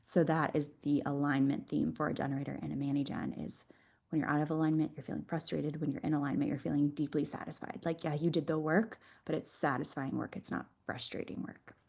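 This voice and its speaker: A woman's voice: low voice, little pitch movement, fairly quick, gravelly, darkish tone, breathy edge. A woman being interviewed on a podcast, explaining her field enthusiastically and laughing often. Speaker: podcast guest, Human Design mentor.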